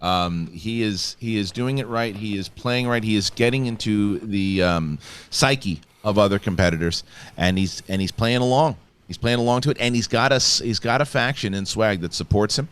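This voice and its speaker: A man's voice: lowish voice, normal speed, a bit bright, smooth. A man with a Chicago accent hosting a casual panel chat on a studio mic, rambling, repeating himself and swearing. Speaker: host.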